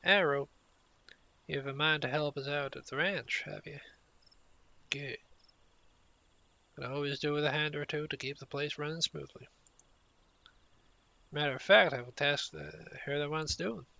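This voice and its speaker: A man's voice: a little high, unhurried, creaky, pauses often, bright, forceful tone, dull audio, exaggerated voice. Man reading as a welcoming ranch wrangler woman. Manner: reads the quest text aloud in a put-on accent of his own. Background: game music.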